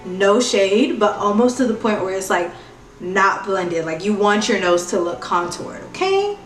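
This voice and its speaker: In an echoey room with a distant mic and music playing behind her, a woman beauty vlogger walks through a casual makeup tutorial. Her medium-pitched voice is expressive and unhurried, chatty and sing-song.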